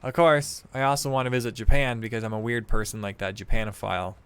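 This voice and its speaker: A man's voice: medium pitch, fairly even intonation, fast, a bit bright, clear, resonant tone. A man with a Midwestern American accent, chatting casually with viewers while streaming a game, rambling and swearing freely. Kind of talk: casual live-stream chat.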